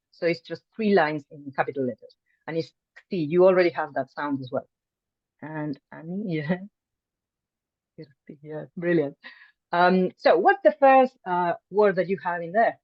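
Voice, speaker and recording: A woman's voice: on the low side, no echo. Woman teaching an online class. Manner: friendly, chatty, with many ums and restarts. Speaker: language teacher. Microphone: video call mic. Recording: dull, dry video call audio.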